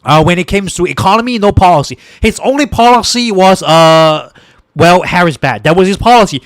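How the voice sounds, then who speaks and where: A man's voice: high-pitched, animated, fairly quick, no room sound. A man hosting a political podcast stream, ranting in exasperation at his viewers with many stumbling restarts. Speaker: political podcast host and livestreamer.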